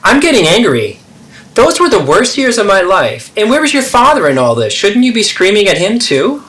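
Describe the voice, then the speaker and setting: In a therapy role-play, a man performs a full character voice as a defensive, self-pitying middle-aged mother who deflects and swings dramatically between hurt and indignation. The voice is high, pitched above his own, with wildly swooping pitch, normal speed and a fairly bright tone.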